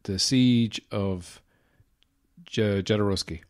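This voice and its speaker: Irish male podcast host, lowish voice, casual rambling delivery, filler-heavy, dry self-mocking humor. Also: slow pace. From Ireland. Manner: rambling and digressive, many "uh" fillers; wry, self-deprecating humor. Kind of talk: casual solo podcast talk.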